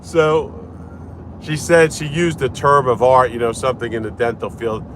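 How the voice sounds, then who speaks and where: This morning car vlog features a lawyer driving and chatting casually in a mid-range voice at a moderate pace. A little hiss or hum sits under his animated, rambling story, which keeps circling back to restart.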